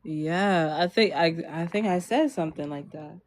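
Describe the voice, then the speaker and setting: A woman's voice: lowish voice, moderate pace, no room sound. A young woman from Maryland telling a personal story in a storytime vlog, rambling with lots of fillers and frequent laughs.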